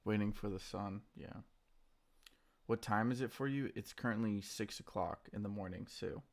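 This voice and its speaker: A tired man streaming his stock trades, talking in a quiet, subdued morning voice and reading out viewers' names in a laid-back way. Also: on the low side, moderate pace. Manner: laid-back, reads chat names aloud. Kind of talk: casual live-stream chat.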